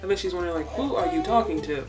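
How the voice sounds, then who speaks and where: Animated woman vlogger, chatty Q&A. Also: lowish voice, racing, distant mic, faint music behind. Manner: chatty, laid-back, talks to her baby between answers. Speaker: beauty and hair vlogger. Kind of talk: casual Q&A vlog.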